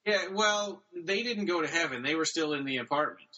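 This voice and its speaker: A man's voice: on the high side, lively intonation, normal speed, sharp tone, dull audio. A man co-hosting a podcast, casually retelling a short story with plenty of ums and restarts. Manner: retells stories loosely, with many fillers. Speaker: podcast co-host. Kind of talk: casual chat about books.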